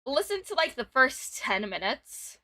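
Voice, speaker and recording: A woman's voice: high voice, big pitch swings, unhurried, pushed and bright, no room sound. A woman in her twenties hosting a casual stream, giggling often and reading chat messages aloud. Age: 20s. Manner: giggly, talks over guest. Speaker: streamer host.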